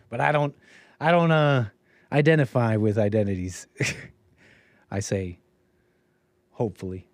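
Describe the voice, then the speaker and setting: A man's voice: a little high, a little mellow, no echo, clean studio sound. A man hosting his own livestream, talking in a rambling, sarcastic way with restarts and laughs. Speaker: streamer and show host. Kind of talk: casual livestream monologue.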